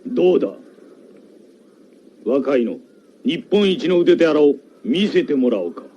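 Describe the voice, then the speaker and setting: A boastful anime fighter. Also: male voice, a little high, very animated, a little fast, warm tone, lo-fi sound, a little hiss or hum. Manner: boastful, commanding. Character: boastful male anime fighter showing off his skill. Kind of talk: Japanese anime dub.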